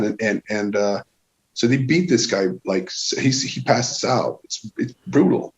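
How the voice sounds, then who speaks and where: A man from Sweden with a Swedish accent, a guest telling a lively anecdote in casual chat and swearing freely. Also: medium pitch, normal speed. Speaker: guest musician. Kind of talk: casual storytelling. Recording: dull lo-fi sound.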